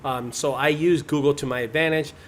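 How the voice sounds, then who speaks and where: A young man casually telling his viewers a story in an animated, dramatic way, with sudden loud bursts. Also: a little high, brisk, slight background noise. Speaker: junk removal business owner.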